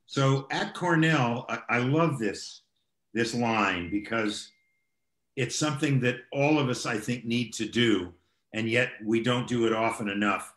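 An older man hosting an interview, asking slow, unhurried questions with pauses. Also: medium pitch, fairly bright tone. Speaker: interview host. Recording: echoey room.

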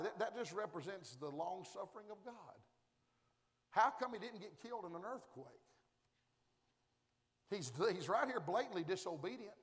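High-voiced fiery preacher. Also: male voice, lively intonation, moderate pace, long pauses. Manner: fiery, folksy, swinging from shouts to hushed tones. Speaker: guest preacher. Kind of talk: sermon. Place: large church auditorium at a conference. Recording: long reverb of a large hall.

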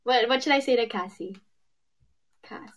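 A woman's voice: on the high side, moderate pace. A young woman, hosting a playful prank call and mixing English with Tagalog. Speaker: host.

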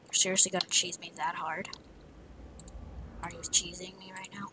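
A woman's voice: fairly low pitch, flat delivery, moderate pace, background noise. A woman narrating her own gameplay, muttering to herself in a half-whisper with frustrated outbursts. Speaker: gamer. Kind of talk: let's play commentary.

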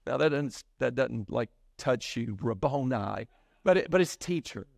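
A man preaching a sermon, telling the story in animated fashion and acting out the voices of its characters. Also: mid-range voice, a little slow, gravelly, no room sound, studio quality. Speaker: pastor.

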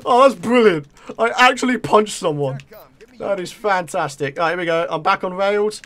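A British man talks his viewers through a match as he plays, excitable and quick to taunt his opponents. His voice sits high and swings widely in pitch. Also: slight background noise. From Britain. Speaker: gaming video creator. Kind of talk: live gameplay commentary.

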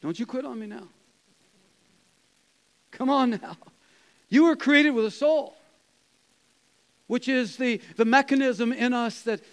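A man, a pastor, preaching a conversational sermon, chuckling and dropping to soft quoted asides. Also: extremely high pitch, low-quality recording. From Canada.

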